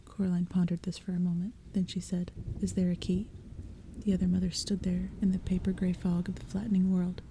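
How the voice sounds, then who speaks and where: Whispered role-play storyteller: woman, hushed unvoiced whisper, very dark and mellow tone, faint rain underneath. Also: on the low side, monotone, quick pace, hardly any pauses, a little hiss or hum. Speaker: ASMR audiobook reader. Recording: faint rain sounds behind. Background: soft rain and thunder.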